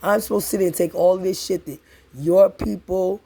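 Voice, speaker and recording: Gravelly high-voiced man ranting angrily. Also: steady tone, brisk, mellow. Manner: accusatory, profane, repetitive. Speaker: tenant confronting building super. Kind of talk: angry recorded rant.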